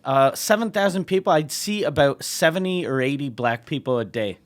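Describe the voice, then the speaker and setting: Higher-voiced man telling a profane story. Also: animated, a little fast. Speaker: podcast co-host, comedian. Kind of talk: casual storytelling chat.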